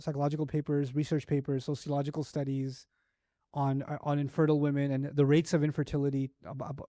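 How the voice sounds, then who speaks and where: Man giving an animated Quran lecture. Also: a little high, no room sound, studio quality. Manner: animated storytelling, rhetorical questions. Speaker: Islamic teacher.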